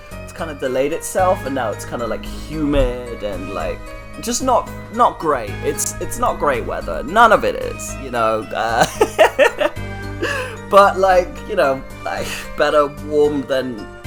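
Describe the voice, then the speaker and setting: A woman hosting her own game playthrough, chatting loosely between scenes. She rambles, laughs a lot and fills gaps with "like" and "you know", with soft music behind. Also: very deep voice. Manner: rambling, laughing, lots of fillers. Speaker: let's-play voice actor. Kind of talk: casual chat.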